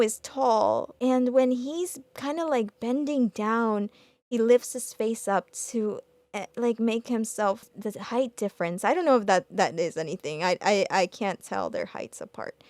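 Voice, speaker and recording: A woman hosting a reaction video, talking emotionally and stumbling over her words as she gets excited. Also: a little high, dry recording.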